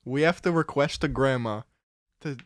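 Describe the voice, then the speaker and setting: A man's voice: mid-range voice, no room sound, studio quality. A young man co-hosting a podcast, playful and joking in casual chat. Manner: playful, joking, quick to laugh. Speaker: podcast co-host.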